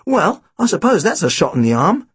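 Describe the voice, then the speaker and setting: A man voicing a jokey, squeamish teenage boy in a storybook, making wry deadpan jokes. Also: high-pitched, fairly quick, husky, no room sound, pitched above the performer's own voice, full character voice. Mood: musing.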